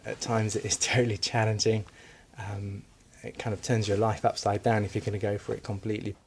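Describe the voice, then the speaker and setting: Interviewee: candid man, low, gravelly, monotone. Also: a little fast, a little hiss or hum. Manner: casual, candid, laughing easily. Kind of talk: comedy interview chat.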